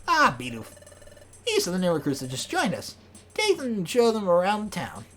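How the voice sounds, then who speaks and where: A woman's voice: on the low side, wildly swooping pitch, normal speed, fairly bright tone, a little hiss or hum. A woman voicing a bossy, talkative male bird who briefs new recruits in a lecturing tone.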